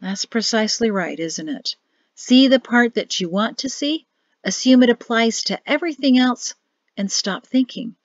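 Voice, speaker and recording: Woman reading as a soft-spoken, cryptic young man; storybook voice, low and hushed, muffled dry audio. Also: dry recording, lightly acted. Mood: grave. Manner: calm, grave, measured warnings. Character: grim quiet young man, cryptic brother.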